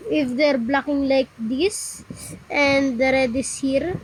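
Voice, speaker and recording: High-voiced woman explaining game moves. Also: steady tone, a little hiss or hum, low-quality recording. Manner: rambling, halting, often stops to apologize. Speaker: gameplay tutorial narrator. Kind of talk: casual game commentary.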